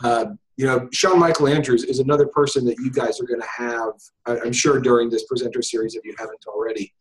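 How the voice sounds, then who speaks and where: A fast-talking hypnosis teacher with a mid-range, fairly even voice joins an interview via video call, and the recording quality is low. His casual delivery is full of fillers and restarts as he thinks aloud.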